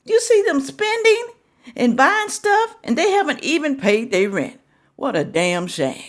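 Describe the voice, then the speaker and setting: This woman hosts a reaction video, her high voice swinging widely in pitch at a measured pace. She lectures and scolds, repeating her points for emphasis.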